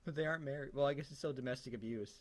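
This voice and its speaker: A young man reading a fan story aloud for laughs, giggly and animated. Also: medium pitch, racing. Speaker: co-host.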